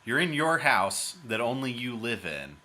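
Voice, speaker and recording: A man's voice: mid-range voice, very animated, measured pace, pushed and bright. A man teasing his friends in a casual chat, easily amused. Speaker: podcast co-host.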